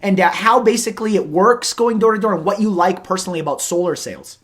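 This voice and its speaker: Animated, rambling male host. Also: high voice, quick pace. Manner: animated, rambling, acts out conversations. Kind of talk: casual interview chat.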